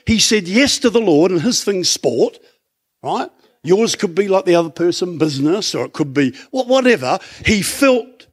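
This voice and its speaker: A middle-aged man with an Australian accent preaching in church, conversational and animated, full of rhetorical questions. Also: sits high, husky. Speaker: pastor. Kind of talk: sermon.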